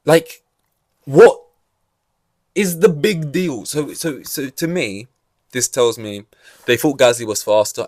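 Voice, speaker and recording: A young male podcast host with a lowish voice rants casually and sarcastically in solo commentary, swearing freely. The recording is studio quality with no echo.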